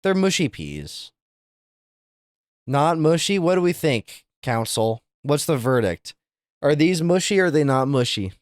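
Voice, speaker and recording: A young man streaming live, chatting casually with viewers and reacting to things with loud, incredulous, profane outbursts. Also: medium pitch, no room sound, clean studio sound. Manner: incredulous, swearing, exaggerated reactions.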